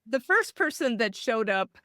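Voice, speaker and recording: A woman guest telling a personal story in an interview, animated and acting out the voices she quotes. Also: fairly high pitch, unhurried, no echo, clean studio sound. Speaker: guest author.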